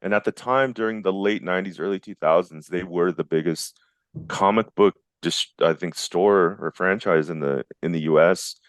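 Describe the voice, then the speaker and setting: An excitable man in his forties, a visual effects artist, appears as a guest on a podcast for a casual interview chat. His very low voice comes at normal speed through a close, dry recording with no surrounding room sound, and he rambles enthusiastically, doubling back and restarting his thoughts many times.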